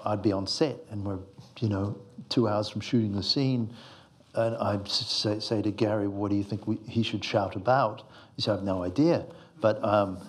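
A man's voice: lowish voice, a little mellow. A male screenwriter giving reflective, meandering interview answers, fond of analogies.

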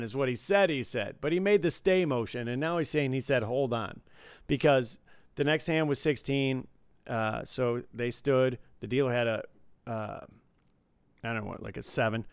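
A man who supervises casino tables, chatting casually and telling an animated story with frequent restarts. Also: mid-range voice, clean tone, no room sound. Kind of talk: casual chat.

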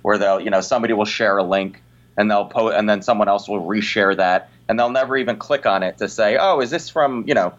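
A comedian in casual chat, talking in rambling sentences full of "you know". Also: male voice, lowish voice, a little fast, highs cut off.

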